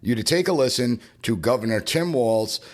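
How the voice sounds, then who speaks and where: A man's voice: mid-range voice, animated, normal speed. A man hosting a political commentary podcast in an emphatic, punchy way, repeating phrases for effect. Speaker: podcast host and professor.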